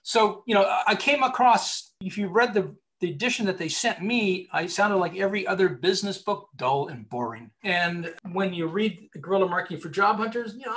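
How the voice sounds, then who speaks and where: A man who works as a recruiter and author, telling stories emphatically as a guest in an interview. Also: sits high. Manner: animated storyteller, emphatic. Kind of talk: conversational interview.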